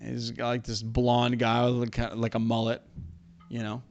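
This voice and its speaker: A man's voice: mid-range voice, completely flat delivery, normal speed, darkish tone, lo-fi sound. Rambling tipsy man telling a story. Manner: rambling storyteller, many restarts and fillers. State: tipsy from whiskey. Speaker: podcast co-host. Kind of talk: casual chat.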